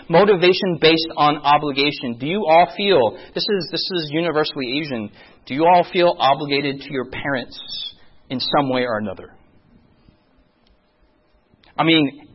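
A man's voice: a little high, breathy edge, lo-fi sound. A man in his thirties, a pastor, giving a sermon-style presentation and often asking the audience questions, with self-mocking humor. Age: 30s.

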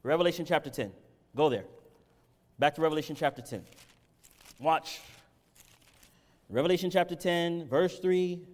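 A man preaching a sermon. He swings between loud, impassioned peaks and low, conversational Bible teaching. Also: moderate pace, long pauses. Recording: reverberant hall.

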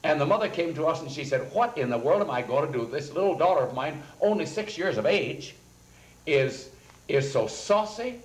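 A pastor tells earnest anecdotes in a storytelling sermon, quoting people in a raised voice as he goes. His voice is a little high with lively intonation at a moderate pace. The recording is roomy and echoing.

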